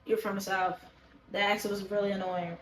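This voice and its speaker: A woman's voice: medium pitch, little pitch movement, brisk, a bit bright, reverberant, slight background noise, poor audio. Blunt, foul-mouthed woman reviewer. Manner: blunt, profane and opinionated. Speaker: show reaction vlogger. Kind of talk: casual review chat to camera. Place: indoors, talking to a camera.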